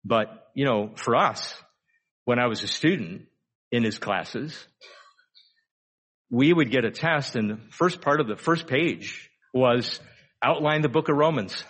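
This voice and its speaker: A man's voice: mid-range voice, expressive, a bit bright, breathy edge. Man preaching with rhetorical questions. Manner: conversational preaching, rhetorical questions, emphatic slowdowns. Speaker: pastor. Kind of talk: sermon.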